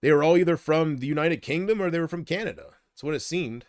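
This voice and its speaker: A man's voice: on the high side, lively intonation, quick pace, dry recording, clean studio sound. A man on a casual livestream, rambling and unsure, drifting between thoughts while he answers viewer comments. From United States.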